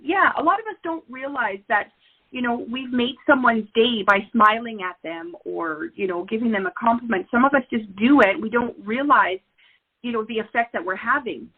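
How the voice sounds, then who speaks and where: A woman's voice: fairly high pitch, moderate pace, slightly rough. A woman hosting an interview, agreeable and encouraging toward her guest. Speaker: host. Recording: tinny phone-like line.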